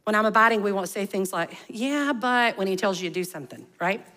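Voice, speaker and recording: Animated woman preaching a sermon. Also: mid-range voice, brisk. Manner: animated, conversational preaching with rhetorical questions. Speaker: pastor.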